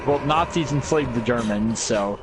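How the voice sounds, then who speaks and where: A man's voice: medium pitch, moderate pace. A young man co-hosting a casual podcast chat, rambling and joking with many restarts. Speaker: podcast co-host. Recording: faint background noise.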